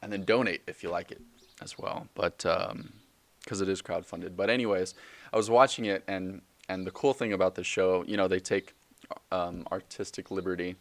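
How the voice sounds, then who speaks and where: Deep-voiced young man rambling on a podcast. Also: steady tone, moderate pace, no echo. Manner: rambling, joking, self-correcting with many fillers. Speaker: podcast host. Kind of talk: casual solo podcast monologue.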